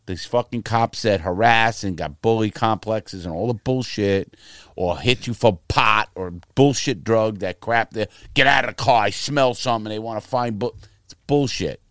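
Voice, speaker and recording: With a fairly low pitch and normal speed, a middle-aged man from the United States shares his life story in relaxed chat, swearing bluntly and acting out the figures in his stories with vivid voices. It's studio-quality audio with no room sound.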